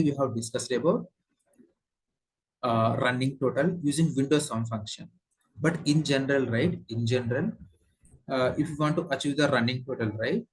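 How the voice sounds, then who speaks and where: A man with an Indian English accent teaching a software tutorial, explaining step by step with frequent fillers and repeats. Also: medium pitch, husky, rough recording. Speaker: software trainer. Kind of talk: screen-share tutorial lesson.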